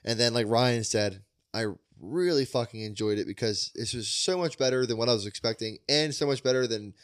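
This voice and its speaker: A man's voice: medium pitch, brisk. A man co-hosting a podcast, reviewing an album in casual chat, rambling enthusiastically with lots of fillers. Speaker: podcast co-host.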